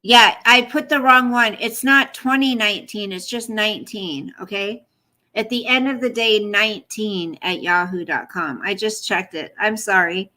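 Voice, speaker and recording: A woman's voice: mid-range voice, moderate pace, pushed and bright. A woman hosting a casual livestream from home at night, chatty and apologetic, cooing at her pet in between. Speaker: livestream host.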